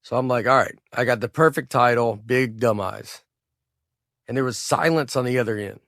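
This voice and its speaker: A man with a Southern US accent, from Tennessee, narrating his own humorous audiobook in a laid-back, deadpan way. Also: medium pitch, fast talker, dry recording, studio quality.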